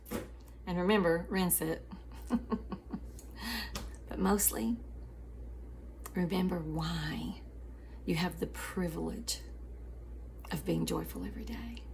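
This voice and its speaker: A woman's voice: fairly low pitch, fairly even intonation, slow pace, gravelly, pauses often, a little mellow, a little hiss or hum. A woman host telling a story in a devotional chat, calling her listeners sweeties and family and often laughing.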